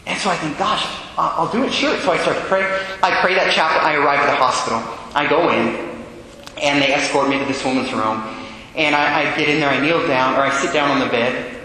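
A Catholic priest preaching a sermon, telling a story with earnest feeling and dropping to a hush for the quiet moments. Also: male voice, on the high side, brisk. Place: church. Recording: echoey church hall.

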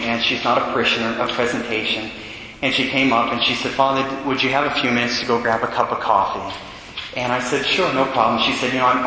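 A man who is a Catholic priest, telling a story in a sermon and acting out the dialogue with animated changes in his voice. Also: mid-range voice, a little hiss or hum. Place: church. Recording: echoey church hall.

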